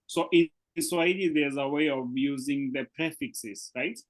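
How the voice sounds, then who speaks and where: A man with a voice pitched a little high leads a beginners' class over a video call. He explains patiently, one step at a time, and keeps checking with his students. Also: unhurried, poor audio. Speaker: Swahili teacher. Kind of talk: live online language class.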